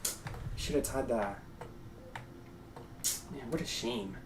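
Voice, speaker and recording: A man's voice: medium pitch, slow, noisy background. A young man giving chatty, casual commentary while live-streaming a game and thanking his viewers.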